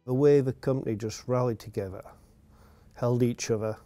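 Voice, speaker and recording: Mellow proud-sounding man. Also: mid-range voice, fairly even intonation, normal speed, no echo. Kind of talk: interview.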